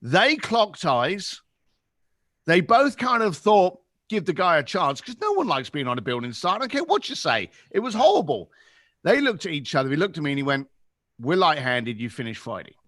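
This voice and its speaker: A man in his fifties with a London accent, a podcast guest telling animated stories and acting out the voices in them. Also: high voice, normal speed, no room sound, clean studio sound. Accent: London English. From England. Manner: lively, acts out voices in anecdotes. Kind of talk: animated storytelling.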